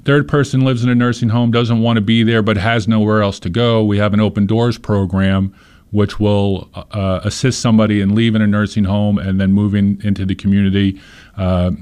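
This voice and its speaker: Man, lowish pitch, earnest, conversational interview guest. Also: darkish tone, clear, resonant tone. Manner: earnest, explanatory, tells stories with little voiced quotes. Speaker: organization leader, interview guest.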